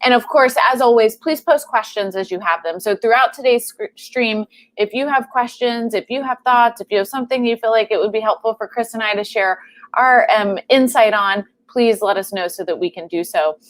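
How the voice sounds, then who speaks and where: A woman's voice: a little high, normal speed. Upbeat woman hosting a live stream. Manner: upbeat, chatty announcements. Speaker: host and clinician.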